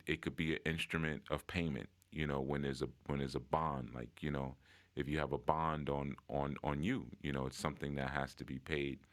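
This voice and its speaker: A man's voice: extremely low pitch, fairly bright tone. A man casually sharing reflections in an online group call, conversational with many fillers and restarts. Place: online audio room.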